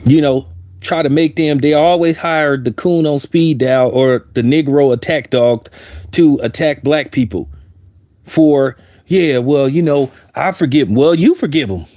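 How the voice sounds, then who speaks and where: A man delivers heated, blunt commentary in a slightly high voice, circling back to hammer his points. The sound is dry and close, with no room around it. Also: a little slow, warm tone, no echo. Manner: heated, blunt, repeats himself for emphasis. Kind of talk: opinionated commentary.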